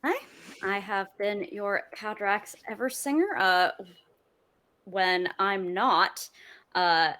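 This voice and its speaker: A woman's voice: medium pitch, slow pace, bright, forceful tone. A woman tabletop player who talks casually and earnestly, with hesitant fillers. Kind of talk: casual chat.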